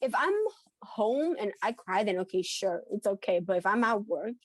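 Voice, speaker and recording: A woman's voice: mid-range voice, animated, moderate pace, dry recording. A woman co-hosting a book podcast in casual chat, talking with many restarts and frequent laughs. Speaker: podcast co-host.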